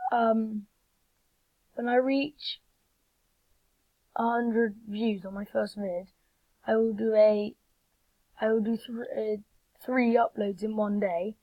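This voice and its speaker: Woman, gamer, excitable commentary to viewers, slow talk, dull lo-fi mic. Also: on the high side, dry recording. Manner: excitable, talks straight to viewers. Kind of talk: live gameplay commentary.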